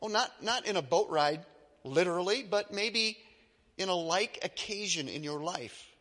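A male pastor preaches with emphatic, dramatic storytelling, building to forceful peaks. His voice sits high and bright, and a long hall reverb trails behind every phrase. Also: lively intonation, moderate pace. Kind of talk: sermon.

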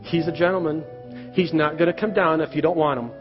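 Middle-aged man, pastor, earnest sermon and prayer, higher-pitched voice, lo-fi church recording. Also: fairly even intonation, fairly quick. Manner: earnest, rises loud when acting out quoted cries. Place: church sanctuary. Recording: roomy church reverb, dull lo-fi sound, soft music behind.

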